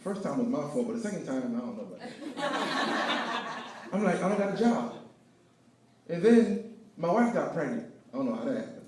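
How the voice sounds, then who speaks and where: A man telling his story of failure and faith as a speaker at an event, preaching with lively swings between loud and hushed. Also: high voice, noisy background. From Haiti. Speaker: guest speaker. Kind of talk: inspirational testimony talk. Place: event hall with live audience. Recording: echoey hall, picked up from far off.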